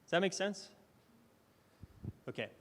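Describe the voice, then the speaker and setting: At a conference, a man with a high-sitting voice presents in an animated but unhurried way. His talk is conversational, peppered with fillers and restarts, and the hall's reverb is audible.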